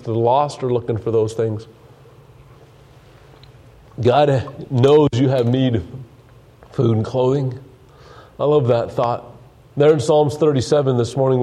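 A man's voice: medium pitch, warm tone. A man preaching a sermon, earnest and full of restarts, reading scripture aloud while losing his voice. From United States. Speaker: pastor.

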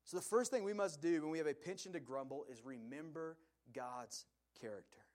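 A man delivers a sermon in a slightly high voice, earnest and emphatic. He swells on key points and drops low and quiet at the ends of phrases. Between his points he reads scripture aloud. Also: a little fast. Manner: earnest, emphatic preaching with rising and falling intensity. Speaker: pastor.

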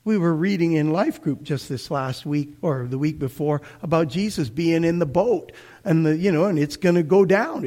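A middle-aged man preaches a sermon in a conversational way. He speaks slowly, and his voice moves a lot, from animated swells down to near-hushed moments. His pitch sits a little high for a man. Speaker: pastor.

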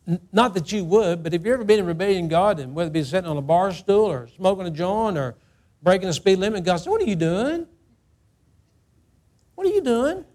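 A man's voice: sits high, fast, darkish tone. A middle-aged male pastor preaching a sermon in church, emphatic and repetitive, acting out the quotes as he speaks. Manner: emphatic, repeats phrases, acts out quotes.

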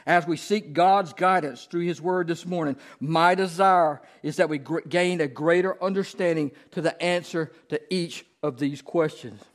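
Pastor guy preaching, kinda high voice, chatty, keeps asking the church stuff. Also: moderate pace, few pauses. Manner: conversational preaching with questions to the congregation. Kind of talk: sermon.

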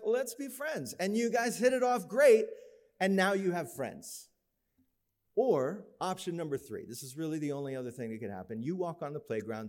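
A man's voice: mid-range voice, a little mellow. A middle-aged man telling a story in a sermon, acting out the voices in his story. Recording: long hall reverb.

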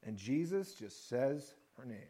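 A man's voice: medium pitch, sing-song, unhurried, mellow. A man preaching a sermon in a conversational way, acting out the quoted lines of the story. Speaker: pastor.

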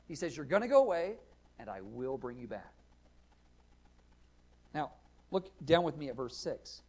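Earnest male preacher, slightly high voice. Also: slightly rough. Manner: earnest, builds to loud emphatic readings of scripture. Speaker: pastor. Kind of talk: sermon.

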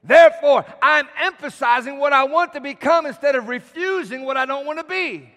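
A man preaching a sermon, swinging from shouts to quiet asides, calling for amens from the congregation. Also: extremely high pitch, expressive, brisk, few pauses. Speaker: pastor. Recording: long hall reverb.

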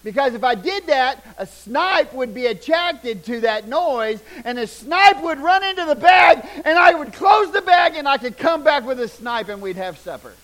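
An older man preaching a sermon, telling folksy stories, loud one moment and hushed the next. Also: very high voice, normal speed, hardly any pauses, rough recording. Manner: folksy, animated, shouts punchlines, drops to hushed tones. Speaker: pastor. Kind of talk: sermon with storytelling.

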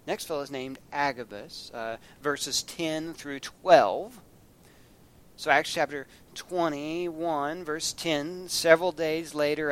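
A man's voice: on the high side, a bit bright. A man preaching a sermon, folksy and storytelling, acting out scenes with a raised voice.

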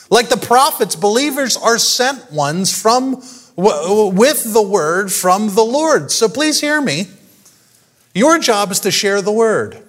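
Animated high-voiced male preacher. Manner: animated, rhetorical questions to the congregation, frequent laughter. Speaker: pastor. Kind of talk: sermon.

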